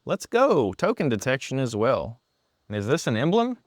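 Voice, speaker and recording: A man showing off an app, voice sitting in the middle of the male range. He sounds excited and teasingly sarcastic. The sound is dry and close, with no room echo. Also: mid-range voice, moderate pace. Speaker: app presenter. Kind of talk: product demo. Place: room with lights, indoors.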